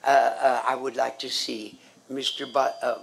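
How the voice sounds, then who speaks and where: An older woman on a live stage, telling a rambling story in a halting way, often losing her words. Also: a bass voice, flat delivery, gravelly. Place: live club stage before an audience.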